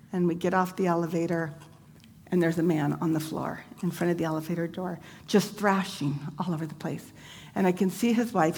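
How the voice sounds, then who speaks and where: A woman's voice: on the low side, husky. A woman sharing a personal faith testimony, retelling events vividly and conversationally with casual fillers. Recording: long hall reverb, faint background noise.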